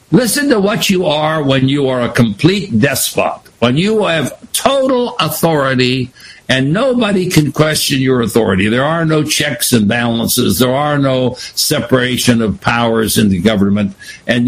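A man teaching a Bible study lesson, retelling scripture in an animated, digressive way. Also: medium pitch, husky, rough recording.

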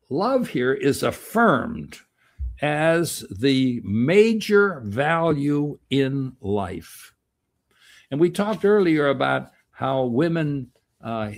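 An older man giving an informal, rambling Bible lecture, acting out the quoted voices in a folksy way. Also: mid-range voice. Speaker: Bible teacher.

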